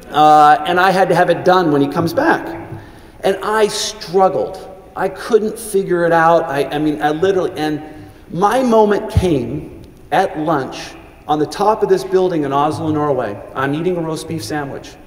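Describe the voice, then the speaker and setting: A man's voice: on the high side, moderate pace. A middle-aged man giving a commencement speech, telling earnest stories with frequent restarts. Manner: earnest, anecdotal storytelling with many restarts. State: briefly choked up with emotion. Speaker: commencement speaker. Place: large hall. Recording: echoey hall, reverberant.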